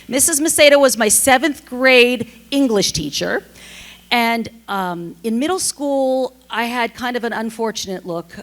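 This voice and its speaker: Woman in her fifties telling stories on a panel. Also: a little high. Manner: animated, self-deprecating storyteller. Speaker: panelist, former TV journalist. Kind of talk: storytelling panel talk.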